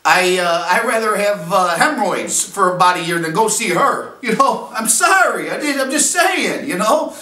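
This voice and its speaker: A man hosting a fan podcast, rambling in a jokey, animated way with lots of fillers and asides. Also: high-pitched, moderate pace, few pauses, far from the mic. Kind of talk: casual rambling commentary. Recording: echoey room, a little off-mic.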